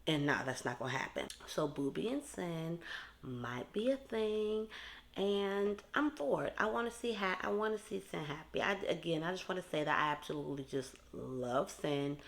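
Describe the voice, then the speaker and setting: Low-voiced woman chatting through a TV recap. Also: a bit bright. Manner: chatty, rambling, with asides to viewers. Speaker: TV recap commentator. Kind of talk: casual commentary addressed to viewers.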